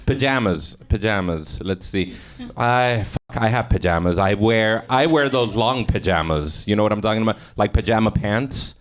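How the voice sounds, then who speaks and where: A man's voice: fairly low pitch, normal speed. A man doing improvised stand-up on a comedy club stage, swearing a lot and laughing at his own jokes. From Mexican-American. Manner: profane, laughing, self-mocking banter with the crowd. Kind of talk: improvised stand-up from audience suggestions. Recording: live stage recording with noise.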